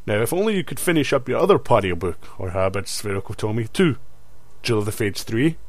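Man voicing a mocking Scottish conscience, low and dry, needling. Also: big pitch swings, a little fast, no echo. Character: snide male inner-critic voice, a nagging bully. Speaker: guest voice actor.

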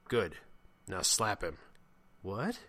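A man's voice: fairly low pitch, huge pitch swings, extremely slow, a bit bright, husky, exaggerated voice. Man doing a crude, bossy young man. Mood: impatient. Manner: swearing, blunt, commanding.

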